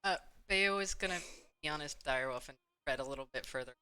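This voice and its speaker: A woman's voice: low-pitched, quick pace, sharp tone, clear, resonant tone, faint music behind. A woman playing a tabletop game, hesitant and giggly as she describes her character. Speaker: player. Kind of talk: casual tabletop play.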